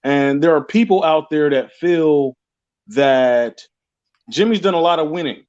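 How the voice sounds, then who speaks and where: A man's voice: on the high side, a little slow, a little mellow, lo-fi sound. A man calling in to a sports talk show, talking casually and rambling, repeating words and restarting his sentences. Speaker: caller. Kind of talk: casual call-in chat.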